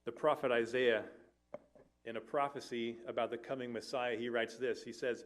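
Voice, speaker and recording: A man's voice: medium pitch, fairly even intonation, normal speed, long pauses. A man, a family life minister, preaching an earnest sermon to a church, with conversational asides and occasional self-corrections.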